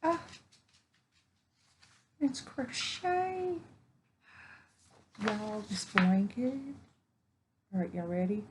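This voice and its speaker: A woman's voice: medium pitch, measured pace, pauses often, background noise. A woman, chatting casually while unboxing crafts at home, gushing and exclaiming over each find. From Texas. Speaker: vlogger. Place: home indoors, evening.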